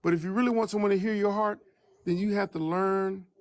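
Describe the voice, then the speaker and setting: Man, high pitch, emphatic, preachy, self-described baritone, live stream chat. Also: steady tone. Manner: preachy, emphatic, slow for stress.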